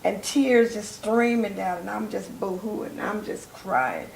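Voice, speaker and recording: Older woman storyteller, gravelly voice. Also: medium pitch, a little slow. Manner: animated storyteller acting out quoted voices. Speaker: interview guest, soul singer. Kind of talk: casual storytelling interview. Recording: echoey room, faint noise.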